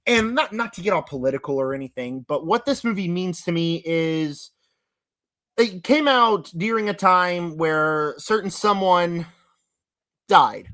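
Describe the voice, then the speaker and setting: A young man chats through his horror movie rankings in a loose, rambling vlog style, piling on fillers and stressing his points hard. His voice is bright and a touch high, and it cracks now and then as he clears his throat. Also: animated, a little slow. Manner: rambling, filler-heavy, emphatic. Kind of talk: casual vlog commentary.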